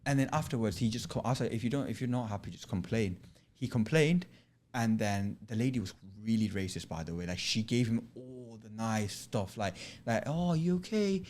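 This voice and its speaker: A man's voice: lowish voice, brisk, darkish tone. A man with a British accent, a podcast guest chatting casually and telling a story, acting out the people he quotes. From United Kingdom. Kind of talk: casual chat.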